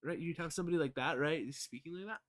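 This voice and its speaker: Young man, streamer, raised pitch, loose rambling talk, swearing, fillers. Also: fast. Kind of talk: casual reaction commentary.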